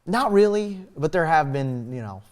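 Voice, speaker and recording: A man's voice: fairly high pitch, big pitch swings, normal speed. A young man chatting as a talk show guest, rambling with lots of fillers. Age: young adult. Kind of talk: casual chat.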